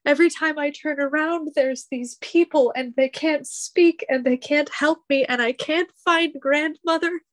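A woman playing an anxious, polite teenage bard in a tabletop game, flustered and quick to apologize. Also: high-pitched. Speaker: player.

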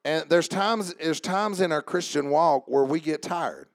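A male pastor delivers a sermon in church, opening in a low, conversational way before building into shouted preaching and calling out church members by name. His voice is creaky and a little fast, with hardly any pauses and no echo.

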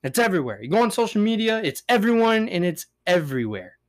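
A young man hosting a casual solo podcast, ranting in a profane, rambling way with big swings in pitch and loudness. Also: very animated, fast talker. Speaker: podcast host.

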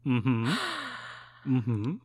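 A young man co-hosting a podcast, telling an animated story with lots of laughs and fillers. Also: mid-range voice, extremely slow, dry recording, narrow, tinny audio. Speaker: podcast co-host. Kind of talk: casual chat, storytelling.

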